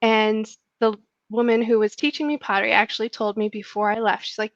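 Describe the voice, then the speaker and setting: A woman's voice: fairly high pitch, flat delivery, brisk, no room sound. A woman guest in a casual interview, giggly and friendly, telling rambling stories. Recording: dull lo-fi dry sound.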